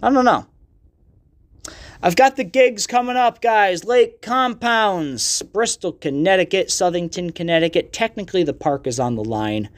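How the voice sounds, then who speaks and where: A man's voice: sits high, expressive, moderate pace. A young man hosting his own podcast, ranting casually and swearing a lot, self-deprecating and loose. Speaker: podcast host and magician. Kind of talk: casual solo podcast rant. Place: art gallery.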